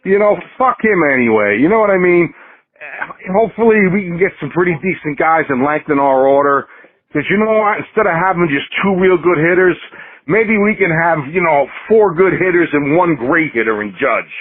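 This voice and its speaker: Husky man on a tinny phone line. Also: fairly high pitch, animated, normal speed. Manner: casual, blunt, matter-of-fact, profane. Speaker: caller. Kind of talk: phoned-in voice message.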